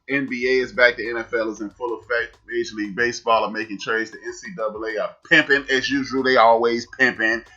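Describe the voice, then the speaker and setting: A man in his forties hosting a sports talk podcast, emphatic and animated with shout-outs. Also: medium pitch. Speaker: podcast host. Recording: dull lo-fi sound, faint music.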